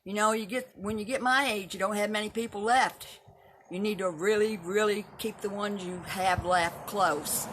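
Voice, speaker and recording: A woman's voice: on the low side, bright, forceful tone, slight background noise. A woman in her seventies from Texas, chatting casually with livestream viewers in a blunt, opinionated way and swearing freely. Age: 70s. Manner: blunt, opinionated and profane, talking straight to viewers. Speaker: livestream host. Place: at home and in her yard.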